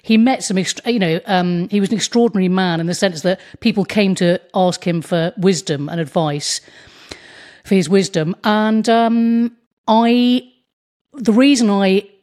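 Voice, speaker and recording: A woman, a comedian, chatting as an interview guest, telling animated stories and slipping into put-on voices. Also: mid-range voice, unhurried. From England. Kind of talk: casual interview chat.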